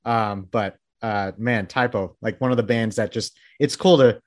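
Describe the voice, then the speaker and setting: A man's voice: fairly low pitch, moderate pace. A man hosting a casual interview, talking in a rambling, enthusiastic way with many restarts. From Texas. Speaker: interviewer and publication founder.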